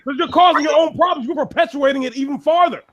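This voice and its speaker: High-voiced man ranting bluntly. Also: fast, a bit bright, muffled recording, a little hiss or hum. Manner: blunt, ranting, heavy swearing. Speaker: podcast co-host. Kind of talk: casual profane discussion.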